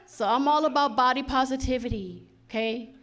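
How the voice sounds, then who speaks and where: A woman's voice: sits high, moderate pace, fairly bright tone. A middle-aged woman performing a stand-up comedy set, chatty and punchy, acting out lots of quoted lines. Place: on stage at a comedy show.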